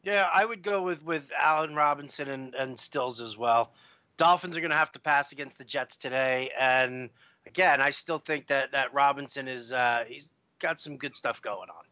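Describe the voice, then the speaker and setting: Bright, teasing male fantasy football co-host. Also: medium pitch, moderate pace, dry recording. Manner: jokey, teasing banter. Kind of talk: casual live-stream chat. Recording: dry, slightly dull lo-fi audio.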